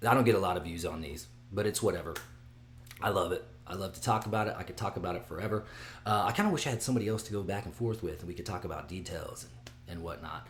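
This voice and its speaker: A man hosting his own video, talking excitedly and rambling, with frequent restarts and sudden drops to a mutter. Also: sits low, fast talker, faint music behind. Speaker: vlog host giving fight picks. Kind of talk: casual solo video chat.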